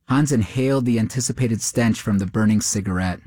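A man narrating a short story in a steady, measured way. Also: lowish voice, no room sound, studio quality.

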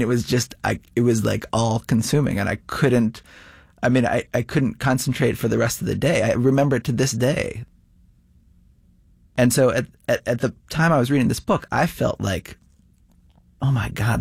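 A man's voice: mid-range voice, gravelly, husky, no echo. A man giving a hesitant, confessional account, repeating himself as he searches for words. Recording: dry close recording, faint guitar.

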